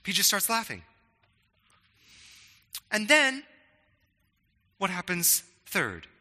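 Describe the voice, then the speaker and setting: Bright-voiced man preaching in echoing hall. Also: high-pitched, wildly swooping pitch, takes it slowly. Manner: conversational, frequent "right?" and stammered restarts. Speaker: pastor. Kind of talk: sermon.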